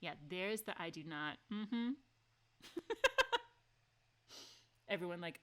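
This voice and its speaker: A woman streaming a story game, reading its lines aloud and chatting with her viewers, excitable and quick to gasp and swear. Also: mid-range voice. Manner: excitable, gasping, laughing and swearing between read lines.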